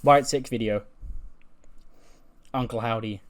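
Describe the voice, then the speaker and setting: A man's voice: mid-range voice, steady tone, slow pace. Man casually recapping a game. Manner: rambling, self-correcting. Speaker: gaming channel host. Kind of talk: casual game commentary, recounting story.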